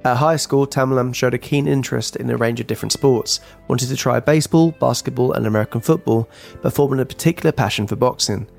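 Fast, gravelly male podcast narrator. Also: medium pitch, a little mellow, soft background music. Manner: brisk scripted reading with dry teasing. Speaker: podcast co-host. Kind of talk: casual true-crime podcast narration.

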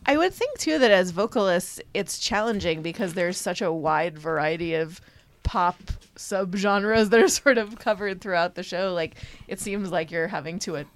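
A woman's voice: fairly low pitch, lively intonation, moderate pace. A woman interviewing a cast, asking chatty, curious questions. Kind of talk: casual interview.

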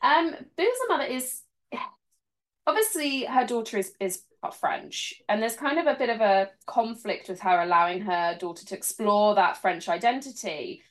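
A woman's voice: medium pitch, expressive, moderate pace. A woman hosting a podcast, chatting enthusiastically with her guest and leaning on filler words. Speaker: podcast host. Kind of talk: casual interview chat.

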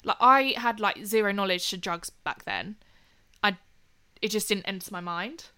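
Young woman, bright and lively voice, cheerfully sweary storyteller. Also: medium pitch, moderate pace, clean tone. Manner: swears freely, laughs through the story. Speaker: podcast co-host telling a story. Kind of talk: casual chat.

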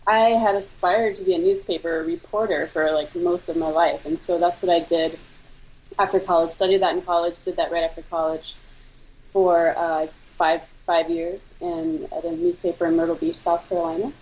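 Low mellow woman photographer guest. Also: fairly even intonation, normal speed, rough recording. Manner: conversational, reflective storytelling. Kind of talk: casual interview.

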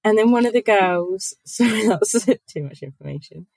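A woman's voice: medium pitch, animated, moderate pace, creaky, darkish tone, no echo, poor audio. A woman, a podcast guest chatting casually, giggly and full of fillers.

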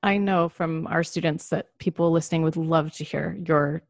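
A woman's voice: low-pitched, steady tone, normal speed, vocal fry, faint music behind. A woman co-hosting a casual talk show, rambling a bit and often saying "like" as she thinks. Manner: rambling, uses "like" a lot. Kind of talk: casual conversation.

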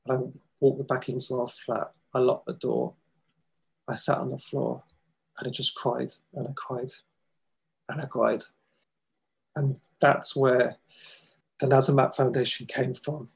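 A man gives earnest, halting testimony in an interview. His voice is gravelly and husky, with very little rise and fall in pitch. He pauses often as he searches for words. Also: flat delivery, rough recording. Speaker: guest, foundation founder.

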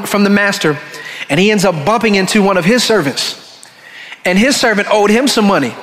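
A man preaches in a relaxed, conversational way and slips into short dramatic voices for the people in his story. His voice sits high, and the sound rings out with the long reverb of a church sanctuary. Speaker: pastor. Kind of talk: sermon.

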